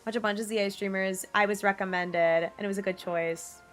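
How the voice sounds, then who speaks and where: A young woman in her twenties streaming, chatting casually with viewers in a bubbly, giggly way, her pitch jumping up often. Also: fairly even intonation, brisk, fairly bright tone. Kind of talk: casual livestream chat reading viewer messages. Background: faint music.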